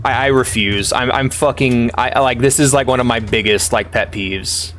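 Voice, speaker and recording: A man's voice: medium pitch, moderate pace, hardly any pauses, a bit bright, slight background noise. A man streaming a game live, ranting in exasperation and swearing heavily, often stumbling over restarts as he talks to his viewers. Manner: exasperated profane ranting with frequent stammered restarts.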